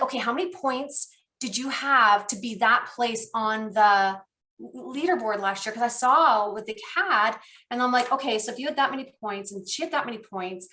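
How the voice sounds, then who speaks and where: A woman trainer on a team call, talking with an excited, animated storytelling manner. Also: a little high. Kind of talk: enthusiastic coaching chat.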